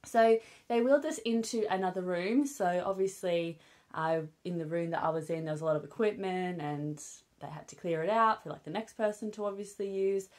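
Chatty young British mum vlogging. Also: female voice, lowish voice, a little fast, a little mellow. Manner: chatty and candid, with fillers like "um" and "obviously". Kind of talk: casual chat to camera. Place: at home with her newborn.

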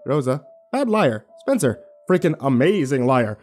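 A man narrating a first-person horror story in a wry, expressive way. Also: mid-range voice, a little slow, faint music behind.

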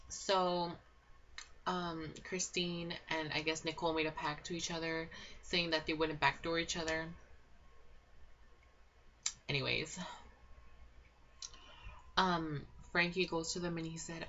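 A young woman with a low voice rambles through a gossipy recap, stumbling over fillers and restarting her sentences. The home recording is dull and lo-fi. A faint hiss sits under her voice. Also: little pitch movement, normal speed, long pauses, a bit bright. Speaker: reality show recap vlogger. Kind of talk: casual chatty recap.

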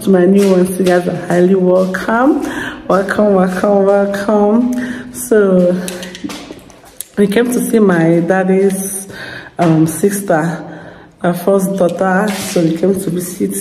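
A hoarse woman who has lost her voice, chatting casually to her vlog viewers and giggling often. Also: mid-range voice, fairly even intonation, slow pace, dark tone. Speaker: vlogger. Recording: echoey room with long reverb, faint noise.

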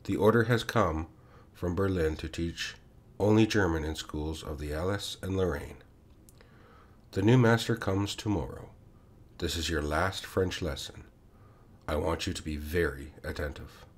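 A man voicing a grave, gentle old village schoolteacher who speaks softly and solemnly. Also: deep voice, sing-song, moderate pace. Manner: solemn and soft-spoken.

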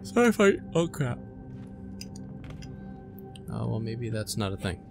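A man's voice: mid-range voice, very animated, a little slow, creaky, over music. A young man giving casual let's-play commentary, chatty and unsure of himself, often speaking to the creatures in the game. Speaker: gaming commentator.

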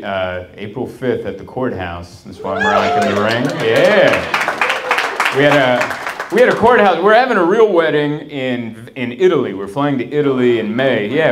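A man doing a stand-up comedy set in a small venue, rambling and interrupting himself, laughing at his own jokes as the audience talks back. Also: medium pitch. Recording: live room with loud crowd. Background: audience laughing and talking back.

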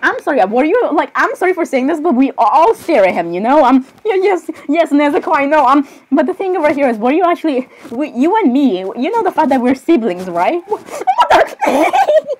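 Woman with a high voice for improvised solo comedy, fumbly and apologetic. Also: big pitch swings, brisk, few pauses, poor audio. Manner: hesitant, apologetic and giggly, with many restarts. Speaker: solo skit performer voicing many characters. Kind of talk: improvised comedic character skit.

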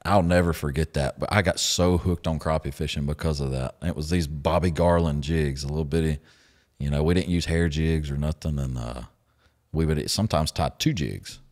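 A man hosting a podcast, telling stories in a lively, laughing way and acting out what others said. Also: very deep voice, brisk. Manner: animated storyteller, laughs often, acts out quotes. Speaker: podcast host. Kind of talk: casual storytelling chat.

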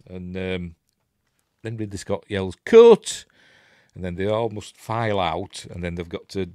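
Man, Yorkshire accent, casual running commentary, rambling and chatty, lowish voice, dry close sound. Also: no room sound. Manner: rambling and chatty, with chuckles and asides. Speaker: host of a film watch-along channel. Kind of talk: casual running commentary while watching a film.

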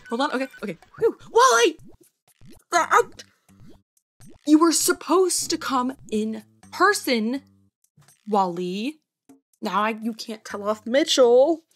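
A woman's voice: mid-range voice, a bit bright. A woman playing a video game and commenting as she goes, chatting to the characters on screen. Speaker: gaming video creator.

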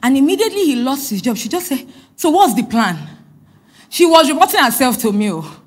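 High, lively woman pastor preaching. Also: brisk. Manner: emphatic preaching with repeated phrases; swings between loud emphatic lines and soft asides. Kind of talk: sermon.

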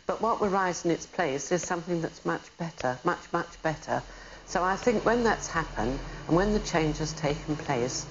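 A woman's voice: lowish voice, expressive, moderate pace. A woman official giving a reassuring, upbeat news interview. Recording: dull distant TV audio with noise.

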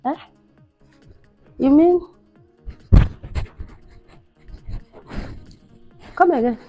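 A woman's voice: high voice, unhurried. A woman acting a cruel, taunting mother-in-law in a home-made skit, shrieking and mocking. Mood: bullying. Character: cruel scolding mother-in-law, shrill and bullying. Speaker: actor in a skit. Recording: dull sound with faint music behind.

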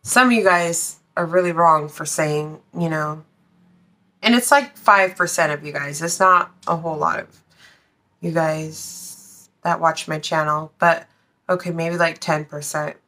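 Low-pitched and sharp, she speaks at a measured pace while reading tarot for her viewers. Her style is blunt and casual, full of free swearing and punctuated by sung lines, all aimed directly at her audience.

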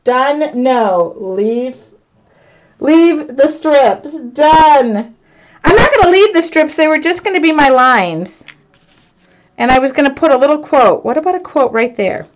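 A woman artist chatting to her live viewers as she works, excitable and self-mocking, laughing often. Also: sits high, a little slow. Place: home art studio, indoors. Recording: dull lo-fi stream audio.

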